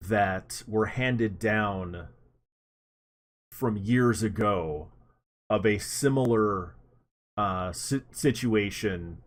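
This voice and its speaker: A man voicing an abbot who recalls old stories slowly, with many pauses. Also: on the low side. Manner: slow, halting, pauses with ums.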